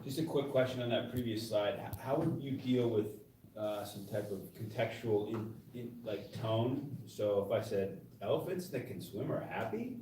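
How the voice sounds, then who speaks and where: Hesitant low-voiced man asking from afar. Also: fairly even intonation, dark tone, a little hiss or hum. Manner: hesitant, halting. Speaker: student asking a question. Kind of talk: classroom question. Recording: echoey room, far from mic.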